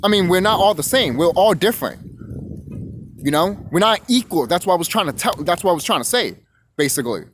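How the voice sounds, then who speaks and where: High-voiced young man ranting and cursing. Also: lively intonation, brisk, fairly bright tone, a little hiss or hum. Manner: rambling, cursing, repeating himself. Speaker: vlogger. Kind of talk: profane rant to camera.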